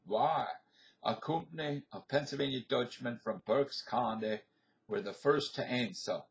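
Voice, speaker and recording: A man reading a history text aloud in a measured, declamatory storytelling manner. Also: mid-range voice, vocal fry, low-quality recording.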